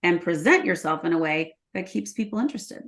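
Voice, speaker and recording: A woman guest on an interview podcast, speaking casually and telling energetic stories, acting out quoted exchanges with plenty of ums. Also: fairly low pitch, fairly quick. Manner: energetic storyteller, acts out quoted dialogue; filler-heavy, frequent ums. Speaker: podcast guest, leadership consultant.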